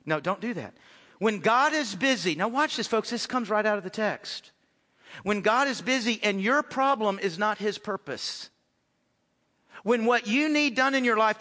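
A man preaching a sermon as pastor, conversational, swinging between loud emphasis and hushed asides. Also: high voice, in a large hall.

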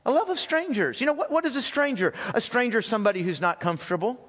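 Pastor, male, high-pitched, chatty sermon delivery, quizzes the pews, repeats lines, reverberant sanctuary. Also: big pitch swings, fast talker, fairly bright tone. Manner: conversational, asks the congregation questions, repeats phrases. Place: church sanctuary.

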